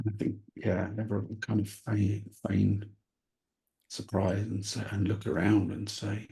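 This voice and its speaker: A man talking casually as a player in a tabletop game, relaxed and easygoing. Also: on the low side, measured pace, creaky.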